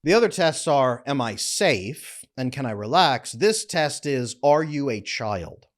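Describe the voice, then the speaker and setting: Blunt, emphatic male relationship coach. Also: measured pace. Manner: emphatic, blunt, animated with frequent pitch jumps. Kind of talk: direct-to-camera advice talk.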